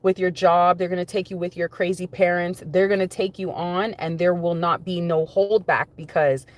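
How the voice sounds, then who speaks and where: Low-voiced woman giving a rambling spiritual reading. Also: fairly even intonation, moderate pace. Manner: rambling, conversational, repeats phrases for emphasis. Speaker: spiritual reader.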